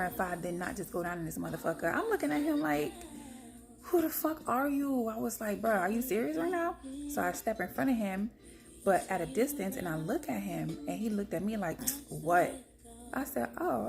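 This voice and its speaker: Gravelly-voiced woman telling her story bluntly. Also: lowish voice. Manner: animated, blunt, swears freely, acts out others' lines. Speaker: storyteller recounting her own experience. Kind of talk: candid personal storytelling to camera.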